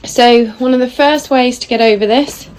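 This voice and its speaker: A woman, a dog trainer, explaining hand feeding while filming on a phone held in her hand and softly praising her puppy. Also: on the high side, steady tone, moderate pace, slight background noise. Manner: soft murmured praise to the puppy. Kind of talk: casual instructional talk.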